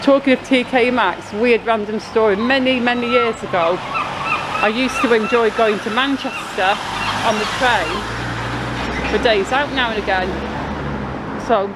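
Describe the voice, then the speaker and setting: In a sing-song, fairly high voice, a Blackpool woman speaks at a measured pace and pauses often. She's filming a casual walking vlog on a busy town street, using her handheld camera's mic, and rambles through a story as street noise plays behind her.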